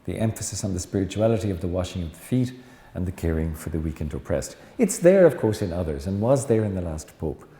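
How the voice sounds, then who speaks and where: A middle-aged Irish Jesuit priest gives a chatty lecture full of anecdotes and teasing asides to his audience. His deep, dark voice is very animated and fast, with few pauses, in an echoey hall with faint noise.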